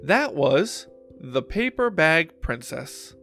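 A man reading a children's storybook aloud, slow and expressive, over soft guitar music. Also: on the high side. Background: faint guitar music.

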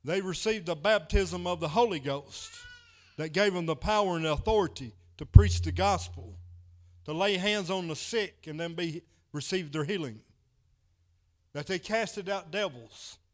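Male preacher, slightly higher voice, folksy storytelling sermon, keeps saying "he said". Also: moderate pace. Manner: folksy, repeats "he said" while retelling a story.

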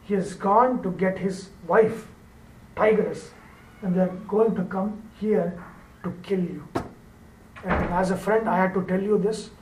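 A man voicing a sly, scheming male fox in a low, confiding tone while telling a fable. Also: steady tone, measured pace, darkish tone, far from the mic. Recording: roomy echo, off-mic, faint ambience.

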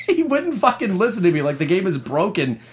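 A man's voice: high-pitched, brisk. Laughing, swearing man in gaming chat. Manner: profane, laughing, animated storytelling. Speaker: podcast co-host.

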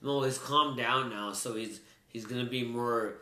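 Man, casual sports chat, bright forceful voice, rambling with lots of ums, echoey room. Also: mid-range voice, fairly even intonation, unhurried. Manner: rambling, loose, many fillers and restarts. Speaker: sports talk co-host. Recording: roomy echo.

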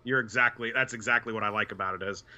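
A man's voice: medium pitch, steady tone, rapid-fire, sharp tone, dull audio. A man co-hosting a casual sports podcast, who tells stories and acts out the voices of the people he quotes. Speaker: podcast co-host.

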